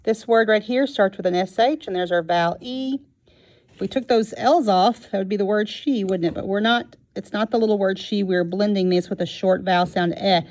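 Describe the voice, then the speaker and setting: A woman teaching a phonics lesson to young children, sounding out each word slowly and clearly. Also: medium pitch, darkish tone. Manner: slow and clear, sounding out words.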